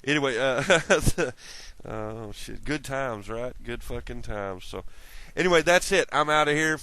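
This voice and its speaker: A man's voice: medium pitch, lively intonation, measured pace, pushed and bright. A man rambling through a casual monologue to his camera, swearing often, laughing at his own jokes and jumping from tangent to tangent. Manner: profane, laughing, jumps between tangents. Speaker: vlogger.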